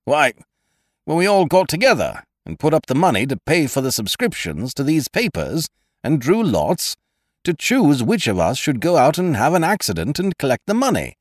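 A man doing a hearty young schemer in a storybook, chummy and bouncy, swooping pitch. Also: huge pitch swings, normal speed, dry recording, studio quality.

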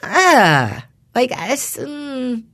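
A middle-aged woman co-hosting a podcast, telling a rambling story in casual chat and putting on animated voices when she quotes people. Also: high voice, extremely slow, dry recording. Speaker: podcast co-host.

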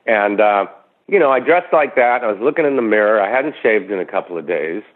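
New york guy, actor on a podcast, spins stories and does the voices, lowish, sounds like a phone call. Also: fairly quick. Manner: animated storyteller who acts out quotes. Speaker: actor guest. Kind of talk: casual storytelling interview. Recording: tinny phone-line sound.

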